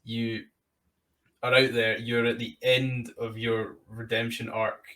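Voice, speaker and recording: A man's voice: medium pitch, little pitch movement, slow pace, fairly bright tone. British man hosting a podcast, a little distant. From Britain. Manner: rambling, enthusiastic recaps of the guest's story. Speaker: podcast host. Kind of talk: conversational podcast interview.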